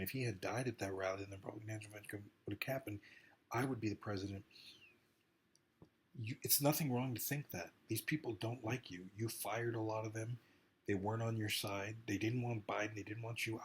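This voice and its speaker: A man's voice: fairly low pitch, fairly bright tone, a little hiss or hum. A man giving an impassioned, rambling monologue straight to the camera, urging and warning with emphatic repetition. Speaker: political commentator.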